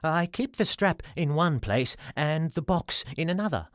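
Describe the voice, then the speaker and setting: A man's voice: a little high, expressive, measured pace, fairly bright tone, no room sound, studio quality, pitched above the performer's own voice. A man voicing a short, bald, friendly little inventor who talks politely and hesitantly. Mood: eager.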